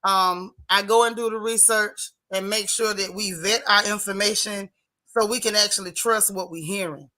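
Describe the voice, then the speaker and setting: Woman streamer, bright voice, chatty and down-home, shouting out viewers. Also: medium pitch, normal speed. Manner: lively, Southern-tinged casual talk with chat shout-outs. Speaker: livestream host. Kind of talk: casual livestream chat greeting viewers.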